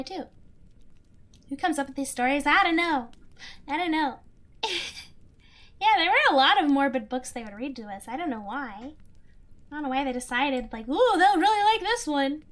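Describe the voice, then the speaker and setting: A young woman streamer chats casually and answers her viewers, rambling with lots of "like" and breaking into giggles. Her voice sits high and sounds bright. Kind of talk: casual chat, reading chat.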